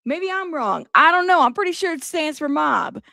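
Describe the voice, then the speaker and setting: High-voiced woman commenting live. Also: normal speed, vocal fry, no room sound, studio quality. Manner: animated, talks to viewers directly. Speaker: livestream host.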